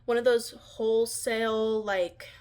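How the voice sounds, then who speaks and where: A woman's voice: a little high, steady tone, a little slow, a little mellow, smooth. Young woman, casual book-vlog host, rambling, full of fillers, recorded at home on a phone. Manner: rambling, filler-heavy, chatty. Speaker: book vlogger. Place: at home by her bookshelf.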